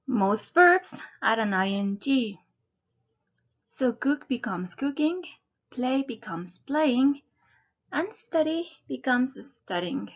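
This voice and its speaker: A woman slowly and deliberately narrating a scripted English grammar lesson, spelling out word endings letter by letter. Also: high-pitched, animated, highs cut off. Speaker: English teacher.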